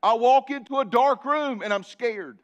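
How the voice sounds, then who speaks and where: A male pastor preaching a sermon, building repeated phrases and dropping into quiet asides. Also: normal speed, dull audio. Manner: preaching with sudden drops to a low conversational aside.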